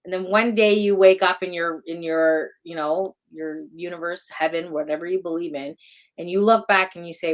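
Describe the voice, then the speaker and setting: A woman co-hosting a podcast in casual chat, talking in an animated way and swearing casually. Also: lowish voice, moderate pace. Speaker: podcast co-host.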